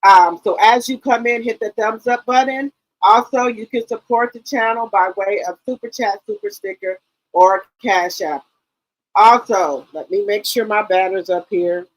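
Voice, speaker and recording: A woman's voice: medium pitch, expressive, normal speed, rough recording. A woman hosting a casual live stream, greeting viewers one by one and rambling loosely with many ums.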